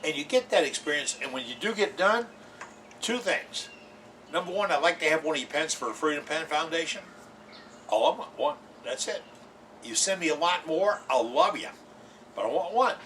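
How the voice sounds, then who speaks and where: A man hosts a woodturning lesson, his voice bright and fairly high, swinging widely in pitch. He hammers home points by repeating them and drops in jokey asides. He sits some way back from the mic, with a faint hiss of room ambience behind him. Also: recorded from a distance. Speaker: woodturning show host. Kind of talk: folksy instructional talk to camera.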